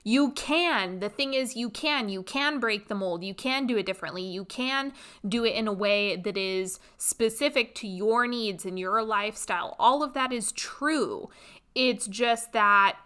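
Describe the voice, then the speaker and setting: A woman hosting a podcast, telling a personal story in a blunt, expressive, animated way. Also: fairly high pitch, a little slow, smooth. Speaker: podcast host. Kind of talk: casual storytelling monologue.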